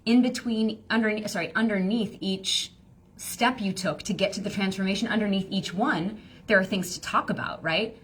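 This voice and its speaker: Woman coach, chatty live-stream teacher, mid pitch, faint hiss behind. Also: normal speed, a bit bright. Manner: chatty, rambling, lots of fillers and playful voices. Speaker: business coach.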